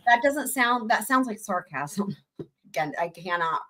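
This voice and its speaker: Casting note: chatty female stream host, mid-pitched, animated and quick to laugh. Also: a little hiss or hum. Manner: very expressive, chatty, laughs often. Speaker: livestream host. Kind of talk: casual live trial commentary.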